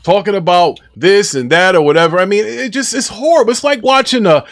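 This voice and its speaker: A man's voice: high-pitched, a little fast, dry recording, studio quality. A man hosting a casual gaming podcast, ranting and trash-talking with a boastful edge. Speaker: podcast host.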